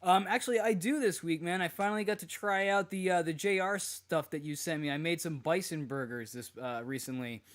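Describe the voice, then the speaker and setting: A man's voice: fairly high pitch, brisk, hardly any pauses. A man co-hosting a podcast in casual chat, laughing often and swearing easily. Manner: laughs a lot, profane, relaxed. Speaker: podcast co-host.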